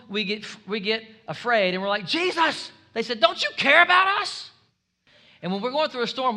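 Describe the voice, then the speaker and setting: A man preaching a sermon as pastor, energetic and humorous, building up to shouts. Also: high-pitched.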